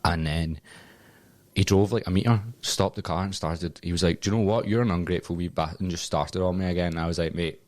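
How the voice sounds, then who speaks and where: A man's voice: low-pitched, fairly even intonation, brisk, darkish tone, no room sound. A Scottish man in his twenties telling a story in casual podcast chat, swearing freely and laughing at his own tale. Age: 20s. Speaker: podcast co-host.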